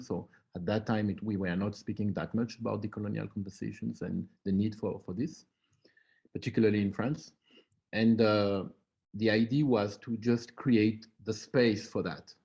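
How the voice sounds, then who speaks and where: A man speaking as an artist and curator in a panel discussion over a video call, slow and reflective, pausing often. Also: on the low side, dark tone.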